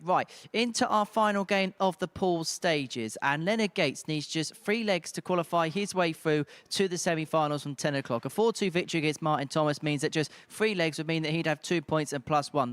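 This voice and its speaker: A man's voice: a little high, no room sound. A man presenting a darts broadcast, steadily explaining the standings. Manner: steady, informative link-reading. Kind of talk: sports presenting.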